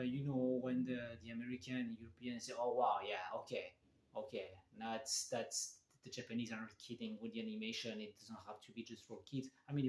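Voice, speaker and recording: Here's an eager manga reviewer talking through a casual video review, his medium-pitched voice a bit mellow. The space around him is echoey, and he keeps stumbling, starting over, and dropping fillers.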